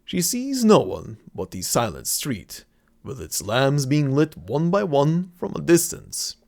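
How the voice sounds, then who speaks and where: A man giving calm, descriptive scripted narration for an audio drama. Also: fairly high pitch, takes it slowly, gravelly.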